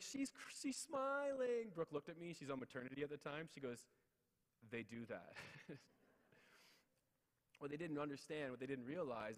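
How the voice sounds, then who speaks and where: A man in his thirties giving a motivational speech, telling personal stories with repeated refrains and acted-out quotes. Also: medium pitch. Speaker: keynote speaker. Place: large ceremonial hall at city hall. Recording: long hall reverb.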